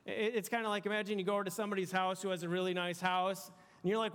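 Youth pastor type, male, preaches in a relaxed chatty way, reverberant hall. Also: high voice, racing, clean tone. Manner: casual, conversational preaching with many restarts. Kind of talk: sermon.

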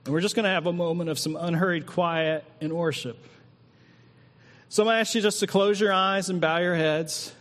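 A man preaching as a pastor, then slowing into an unhurried prayer with long pauses. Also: high-pitched, fairly even intonation, fairly bright tone. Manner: slow, drawn-out reading and prayer with long pauses. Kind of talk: sermon. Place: church hall. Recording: long hall reverb.

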